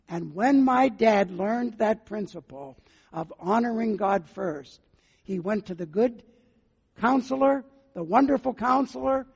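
Gravelly older male pastor preaching. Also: high-pitched, darkish tone. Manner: earnest, pleading questions to the listener. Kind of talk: sermon. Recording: muffled sound with long hall reverb.

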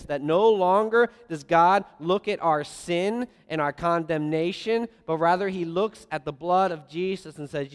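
A man preaching a sermon, earnest, swinging between loud emphasis and soft, quiet lines. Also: on the high side, clean tone. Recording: long reverb of a large hall.

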